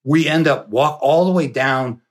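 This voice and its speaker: A middle-aged man telling a long anecdote with lively energy, swearing and laughing as he goes. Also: medium pitch, a little slow. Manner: animated, swearing, laughing storyteller. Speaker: podcast guest. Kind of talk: storytelling anecdote.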